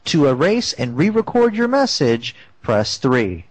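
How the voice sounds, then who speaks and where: A man voicing an automated voicemail system during a prank call, reading prompts in a slow, low monotone. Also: noisy background. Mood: robotic. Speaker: prank caller.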